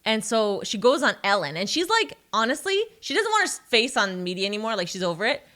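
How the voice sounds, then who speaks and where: A woman's voice: on the high side, sing-song, fairly quick, pushed and bright. A young woman from Calgary, co-hosting a casual chat, swearing freely and laughing through her stories. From Calgary, Canada. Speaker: podcast co-host.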